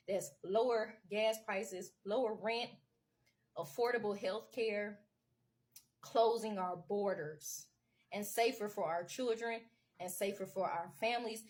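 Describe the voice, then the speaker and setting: A woman commentator delivering an impassioned political rant to camera. She talks emphatically and repetitively in casual everyday speech, urging her listeners again and again to wake up. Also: mid-range voice. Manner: casual vernacular with lots of y'all.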